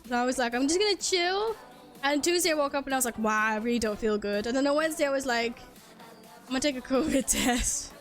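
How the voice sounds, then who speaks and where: A young woman who is a native Swedish speaker, live-streaming a game into a headset mic, chatty and animated, swearing freely and laughing often. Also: high voice, fast, soft background music. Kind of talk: casual live-stream chat.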